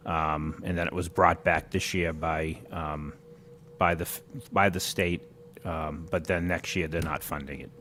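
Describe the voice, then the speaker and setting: Low voice guy explaining budget stuff at a meeting, lots of ums, faint hum behind. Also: fairly even intonation, fairly bright tone. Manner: hesitant, halting, many ums. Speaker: school administrator answering questions. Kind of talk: meeting answers.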